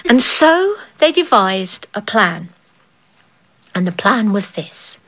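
A woman's voice: medium pitch, very animated, slow, fairly bright tone, rough recording. A woman telling a folk tale aloud in a playful way, acting out the characters and laughing along. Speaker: storyteller. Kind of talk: oral storytelling.

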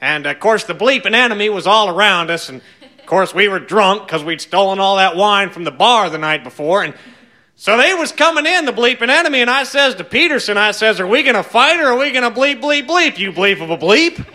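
A man voicing a cantankerous old male scoutmaster who barks gruff orders and rambles. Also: high voice, expressive, a little fast, sharp tone. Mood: rambling boast. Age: older.

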